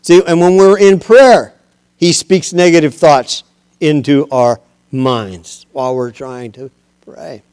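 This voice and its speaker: A man preaching as pastor of his church, moving from low conversational talk to loud, impassioned exhortation. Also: slow, clear, resonant tone. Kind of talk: sermon.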